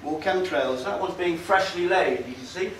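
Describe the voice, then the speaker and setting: A man's voice: sits high, normal speed. A man giving a casual, sardonic talk to an audience in a meeting hall. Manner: conversational, sardonic, hesitant with fillers. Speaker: speaker at a public talk. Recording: roomy hall, far from mic, faint noise.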